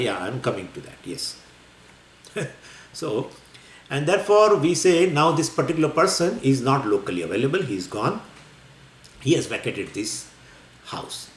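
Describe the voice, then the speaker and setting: Animated male teacher in an echoey room. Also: medium pitch, moderate pace, slight background noise. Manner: lively, wandering explanation with frequent fillers and laughs. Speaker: spiritual teacher. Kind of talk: scripture lecture. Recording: echoey room with faint ambience.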